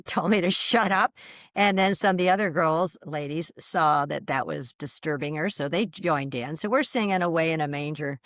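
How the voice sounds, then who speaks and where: Animated older woman telling her story. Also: sits low, moderate pace, dry recording, studio quality. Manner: animated, lively storyteller acting out quoted voices. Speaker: guest. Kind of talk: storytelling in an interview.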